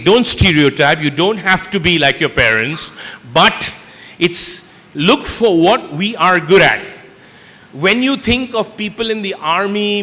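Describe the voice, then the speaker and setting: Speaking as chief guest at a school event, a man with a fairly high, bright, forceful voice motivates the students and regularly quizzes them with questions. The auditorium is echoey, with faint background ambience.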